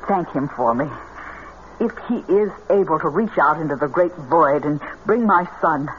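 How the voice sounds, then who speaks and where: A woman's voice: low-pitched, expressive, moderate pace, muffled recording. An actress playing a grieving, gullible mother who speaks in a tremulous, breathless, pleading way, in 1940s radio acting style, on a hissy old radio recording.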